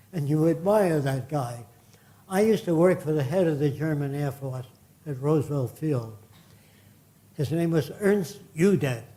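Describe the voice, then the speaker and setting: Older male lecturer, outspoken and cursing, warm dark voice. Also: fairly high pitch. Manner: blunt, indignant, cursing. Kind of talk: public lecture with Q&A.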